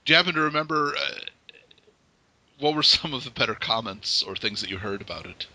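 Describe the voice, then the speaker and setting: A man's voice: mid-range voice, fairly quick, rough recording. A man hosting a casual interview podcast, friendly and rambling. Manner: friendly, lively, rambling with restarts. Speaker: podcast host.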